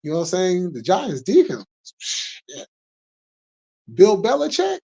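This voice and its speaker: A man's voice: high-pitched, huge pitch swings, unhurried, creaky, warm tone, husky, dull audio. Heated, profane man hosting a sports stream. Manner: heated, profane, laughing rants. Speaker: host. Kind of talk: casual livestream sports talk.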